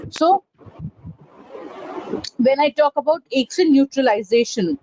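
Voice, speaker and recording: Woman trainer with a high voice teaching pronunciation, stopping often to ask "right?", dull lo-fi sound. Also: measured pace, mellow. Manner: instructive, with frequent "uh, you know" and "right?". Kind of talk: online training session. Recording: dull lo-fi recording.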